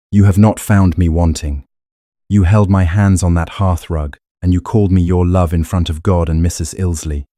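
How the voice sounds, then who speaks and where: A man voicing a steady, proud young countess who speaks firmly and plainly in an audiobook romance. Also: low-pitched, dry recording, clean studio sound. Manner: firm, measured, plain-spoken. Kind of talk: audiobook character reading.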